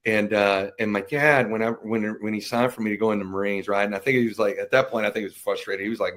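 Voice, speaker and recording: A middle-aged veteran appears as a podcast guest in a casual storytelling interview, speaking fast with few pauses in a lowish, steady, fairly bright voice. He tells his stories animatedly, acting out family members' voices.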